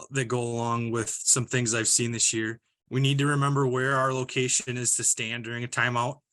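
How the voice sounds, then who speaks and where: A male basketball referee with a bright, forceful, mid-range voice offers instructional talk on officiating. His advice is practical and matter-of-fact, sprinkled with a few fillers.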